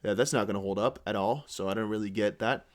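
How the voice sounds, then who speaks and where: A young man whose first language is Dutch, hosting a casual crypto news video, reading posts aloud in a rambling, halting way with frequent restarts. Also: on the low side.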